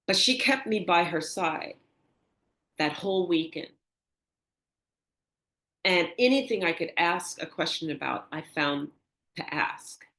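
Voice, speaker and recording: Older woman, lowish voice, storytelling interview guest, animated then hushed. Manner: animated, acts out quoted dialogue with rising pitch; drops to a soft, hushed tone for reflective moments. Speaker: interview guest, energy healer.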